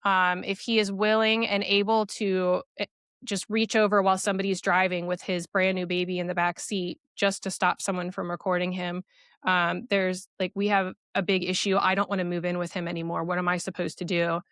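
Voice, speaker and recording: A young woman recounting a personal story as a podcast guest, earnest and quick, with many fillers. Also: on the low side, level tone, fairly bright tone, clean tone, no room sound, clean studio sound.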